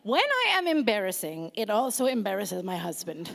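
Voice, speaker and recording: A woman preaching a sermon to her church, lively and self-deprecating, joking and calling out to the congregation. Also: mid-range voice, normal speed, vocal fry, slight background noise. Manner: lively, self-deprecating humor, engages audience. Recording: long reverb of a large hall.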